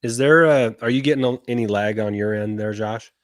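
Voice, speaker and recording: A man's voice: lowish voice, brisk, dry recording, studio quality. A man co-hosting a casual podcast over a remote call, speaking hesitantly with fillers. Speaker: podcast co-host.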